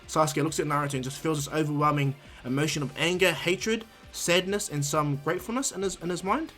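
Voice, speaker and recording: A man's voice: fairly high pitch, brisk, hardly any pauses, soft background music. A young man casually retelling a fan story, rambling with lots of fillers. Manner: rambling, filler-heavy, animated.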